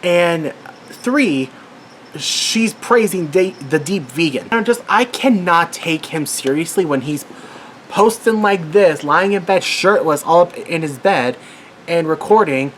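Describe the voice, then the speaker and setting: A man's voice: fairly high pitch, lively intonation, a little slow, a bit bright, a little hiss or hum. Heated, swearing man mid-rant. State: worked up. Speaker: vlogger. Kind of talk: angry commentary rant.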